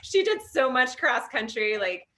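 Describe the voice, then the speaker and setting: Bright-voiced woman host asking questions. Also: on the high side, sing-song, a little slow. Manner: friendly, reads out audience questions with fillers. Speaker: host of a book club interview. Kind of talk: casual interview hosting.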